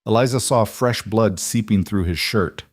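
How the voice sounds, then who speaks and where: A man reading a romance story aloud in an even, measured narration, close on a dry mic. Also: on the low side, dry recording.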